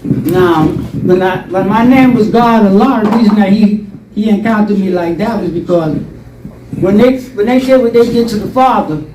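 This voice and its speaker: A man's voice: high voice, recorded from a distance, background noise. Older man telling a rambling story. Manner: rambling, animated storytelling with acted quotes. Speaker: interview guest. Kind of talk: storytelling interview. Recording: roomy, from off-mic.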